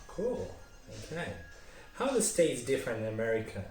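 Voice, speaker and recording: A man's voice: medium pitch, big pitch swings, moderate pace, darkish tone. Man host asking loose questions. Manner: loose questioning with many fillers. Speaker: channel host, interviewer. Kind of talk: casual interview. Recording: echoey, distant, with ambience.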